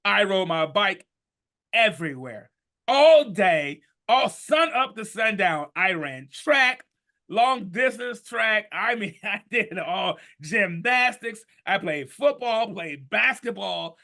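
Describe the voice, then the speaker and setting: A man in his fifties with a bright, slightly high voice tells his story as a podcast guest. He talks in an animated, emphatic way that swings between low, hushed stretches and loud bursts. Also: slow pace, gravelly. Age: 50s. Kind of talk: storytelling in conversation.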